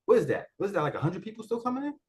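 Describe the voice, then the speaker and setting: Guy with a pretty high voice running a casual marketing training, loose slangy talk, keeps asking rhetorical questions. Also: big pitch swings, racing. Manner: colloquial, repetitive, full of rhetorical questions. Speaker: network marketer presenting a software walkthrough.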